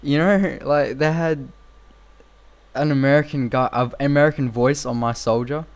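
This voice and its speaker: A man's voice: mid-range voice, fairly even intonation, normal speed. A young man giving casual, rambling game commentary full of fillers and repeated phrases. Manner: rambling and repetitive, with frequent fillers. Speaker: gameplay commentator.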